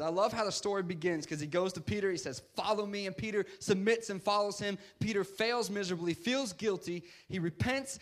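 A man preaching a casual sermon, emphatic and conversational, often repeating "guess what". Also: high-pitched.

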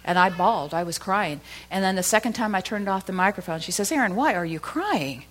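A middle-aged woman preaching a sermon, telling a story and rising to loud, emphatic peaks. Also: mid-range voice, lively intonation, fairly quick.

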